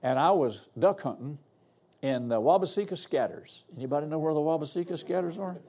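Older man, guest preacher, mellow dark tone, folksy humorous sermon in a church. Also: fairly high pitch, a little fast. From Arkansas. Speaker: guest pastor.

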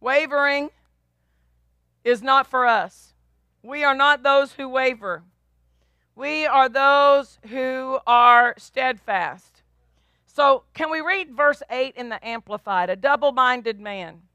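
High, bright-voiced woman pastor preaching. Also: slow, dry recording, highs cut off. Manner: emphatic, repetitive, call-and-response. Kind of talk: sermon.

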